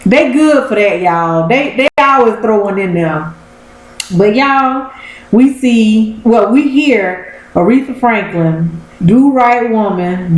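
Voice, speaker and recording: Animated woman recapping TV, roomy echo. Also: mid-range voice. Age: 30s. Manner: animated storyteller, talks straight to viewers. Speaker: TV episode reviewer. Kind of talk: casual recap vlog. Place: room at home.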